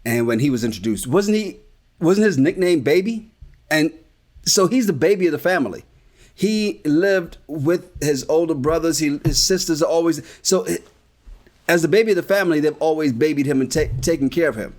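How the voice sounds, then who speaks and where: A man's voice: on the high side, animated, moderate pace, darkish tone. A man from the Caribbean co-hosting a podcast in casual recap chat, blunt and swearing freely. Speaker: podcast co-host.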